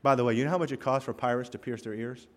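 A man preaching a sermon to his congregation, telling stories with punchy asides and an animated, lively delivery. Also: mid-range voice, very fast. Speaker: pastor. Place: church sanctuary. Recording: long reverb of a large hall.

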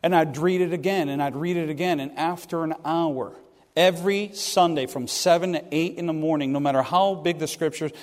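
Middle-aged man, pastor, high voice, animated sermon stories, long reverb. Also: a little fast. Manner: animated, self-deprecating, acts out other people's lines. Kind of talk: sermon storytelling. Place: church sanctuary. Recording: long reverb of a church hall.

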